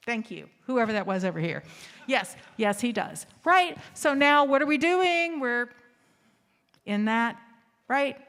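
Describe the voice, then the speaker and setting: A woman's voice: on the high side, lively intonation, measured pace, fairly bright tone. A woman hosting an assembly, telling a candid, funny story to a live audience and asking them questions. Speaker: assembly host. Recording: reverberant hall.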